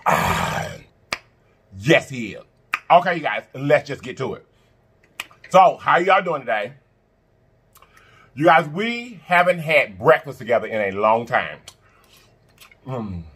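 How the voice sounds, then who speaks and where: A man's voice: mid-range voice, slow pace, pauses often, breathy edge. A man hosting a casual eating-show video, chatting to viewers, chanting catchphrases and humming as he eats. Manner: animated, chants catchphrases, hums while eating. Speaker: mukbang channel host.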